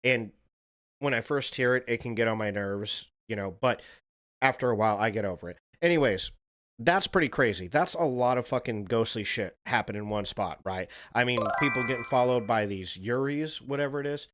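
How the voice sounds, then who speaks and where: A man's voice: medium pitch, a little fast, fairly bright tone. Profane rambling male streamer. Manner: rambling and profane, talks to chat viewers. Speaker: streamer reacting to videos. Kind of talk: casual live-stream chat.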